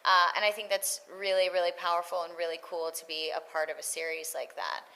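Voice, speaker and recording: A woman's voice: lowish voice, a little fast, low-quality recording. A woman in her thirties, a voice actress chatting casually in an interview and acting out quoted lines. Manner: animated, acts out quoted lines. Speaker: voice actress guest.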